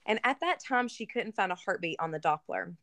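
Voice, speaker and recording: A woman's voice: medium pitch, animated, brisk, fairly bright tone, dry recording. A woman guest in a conversation, telling an emotional personal story in a casual way with many fillers. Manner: casual, filler-heavy, earnest. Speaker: interview guest. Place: lives in Kentucky.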